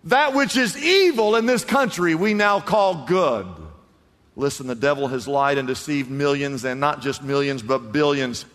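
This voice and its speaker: A high-voiced male pastor preaching with animated swings between shouted lines and near-whispers. His voice rings out through a church, with a long reverb trailing each phrase. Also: normal speed. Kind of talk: sermon.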